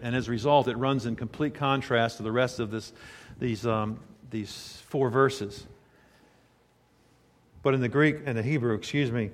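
Man preaching in a reverberant hall. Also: medium pitch. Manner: swings from quiet storytelling to loud fervent preaching. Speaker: pastor. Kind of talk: sermon.

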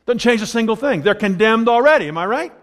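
A man preaching a sermon as pastor, conversational and wry, with animated asides. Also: very high-pitched, fast, long reverb tail.

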